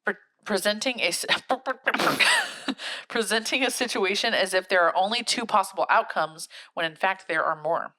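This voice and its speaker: A woman's voice: mid-range voice, moderate pace, sharp tone. A woman co-hosting a casual podcast, reading definitions aloud and laughing often. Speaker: podcast co-host. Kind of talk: casual chat.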